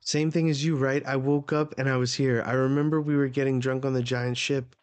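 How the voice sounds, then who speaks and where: A man's voice: medium pitch, little pitch movement, brisk, clear, resonant tone, faint music behind, natural voice. A man voicing a cowardly, whiny young man who begs to be saved. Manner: whiny, pleading.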